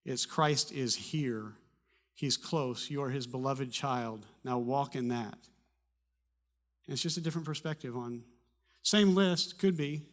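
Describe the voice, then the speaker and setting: A pastor preaching a sermon, telling a personal story in a conversational way with humor and animated bursts. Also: male voice, medium pitch, measured pace. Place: church.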